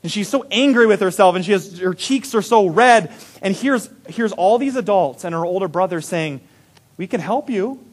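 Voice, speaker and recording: A young adult man preaching, his voice sitting a little higher than most men's. He tells his story in an animated way, pushing loud on the busy parts and dropping to a hushed hush on the tender ones. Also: normal speed, few pauses. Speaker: pastor. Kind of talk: sermon.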